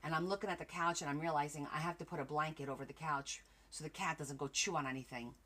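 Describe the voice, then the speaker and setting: A woman's voice: deep voice, fairly even intonation, quick pace, a bit bright. A woman hosting a crafting livestream late in the day, chatting casually with viewers by name and sounding tired. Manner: chatty, addresses viewers by name, trails off and restarts. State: tired at the end of a long day.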